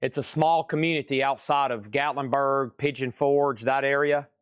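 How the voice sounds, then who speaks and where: A man's voice: medium pitch, steady tone, moderate pace, clean tone, no echo, clean studio sound. Chatty man running a live record sale. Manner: chatty, reads out buyer names, prices and record conditions. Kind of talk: casual live-stream auction patter. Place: record shop.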